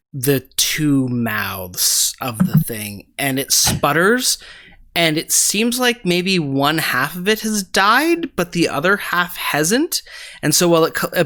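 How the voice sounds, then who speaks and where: A man's voice: on the high side, bright, forceful tone. A man running a tabletop game as game master, narrating combat in vivid description.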